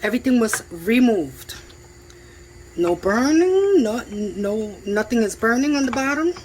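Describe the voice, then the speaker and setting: A woman's voice: fairly high pitch, expressive, measured pace, a little mellow, a little hiss or hum. A woman casually narrating her home cooking for viewers in a chatty, enthusiastic way, talking from her kitchen stove. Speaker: home cook vlogger. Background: food sizzling in a pan.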